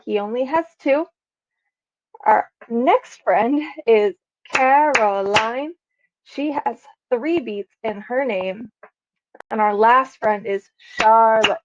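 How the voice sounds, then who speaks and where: A woman teacher giving a class lesson on video, speaking slowly and patiently and sounding out words beat by beat. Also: on the high side, no room sound, lo-fi sound.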